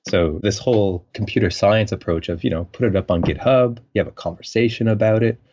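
A man's voice: fairly low pitch, brisk, darkish tone, highs cut off, a little hiss or hum. A man from French Canada, a scientist guest on a podcast, talking in a thoughtful, rambling way with many fillers. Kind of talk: conversational interview.

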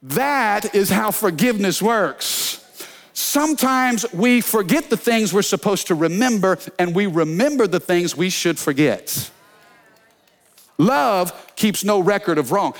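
A man preaching a sermon as pastor, energetic, telling funny stories and calling out to the congregation. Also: high voice, unhurried. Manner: energetic preaching with call-and-response; storytelling with humor.

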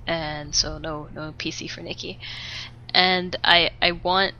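Ranting bright-voiced woman podcaster. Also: fairly low pitch, takes it slowly, a little hiss or hum. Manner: animated, ranting, swearing freely. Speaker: podcast co-host. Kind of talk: casual chat. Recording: dull lo-fi podcast audio.

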